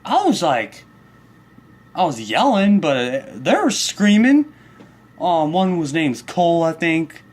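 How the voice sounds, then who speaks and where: A man's voice: a little high, very animated, slow pace. A man telling a story in a comedic angry rant, profane and worked up, rambling along with restarts. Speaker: vlogger.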